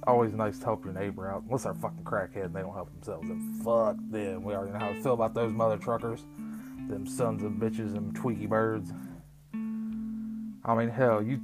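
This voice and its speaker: A young Appalachian-accented man from West Virginia talks at a fairly low pitch. His rambling, foul-mouthed monologue jumps from story to joke, and guitar music plays clearly behind him. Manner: profane, crude joking, rambling stories. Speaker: vlogger.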